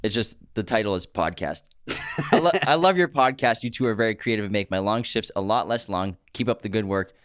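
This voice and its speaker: A man's voice: lowish voice, a little fast, a bit bright, smooth, no echo, studio quality. A man co-hosting a podcast, bantering casually and laughing easily. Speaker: podcast co-host. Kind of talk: casual chat.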